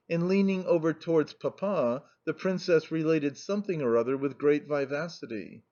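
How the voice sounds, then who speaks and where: A man narrating a classic novel in a measured, even reading. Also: on the high side. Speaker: audiobook narrator. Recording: muffled lo-fi recording.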